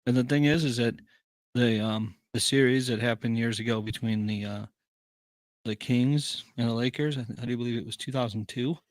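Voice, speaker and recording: A man's voice: mid-range voice, normal speed, no echo. A man co-hosting a podcast in casual chat, easygoing and agreeable, telling sports stories. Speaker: podcast co-host.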